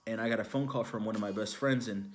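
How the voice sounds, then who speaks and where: A man's voice: fairly low pitch, fast talker, faint music behind. A young man from Houston giving an inspirational testimony message, telling a story casually with fillers like "you know, like". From Houston, Texas, USA. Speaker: ministry speaker.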